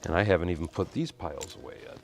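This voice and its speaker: Deep-voiced man rambling on a live stream. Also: rapid-fire, loud music behind the voice. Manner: rambling, greets viewers while sorting bricks. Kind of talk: casual live-stream chat. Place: home hobby room. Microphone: mic kept a little away from the face.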